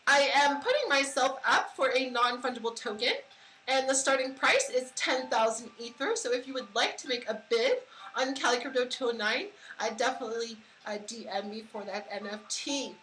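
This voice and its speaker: A woman's voice: a little high, pushed and bright. An American woman hosting a casual crypto podcast, rambling and giggling with lots of fillers. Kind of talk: casual livestream chat. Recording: echoey room with faint noise.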